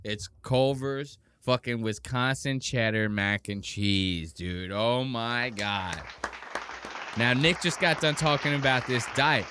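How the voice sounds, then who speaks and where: A man hosting a podcast, casually mocking a clip with animated commentary and exaggerated impressions. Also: mid-range voice, slow, clean tone, some chatter behind. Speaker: podcast host.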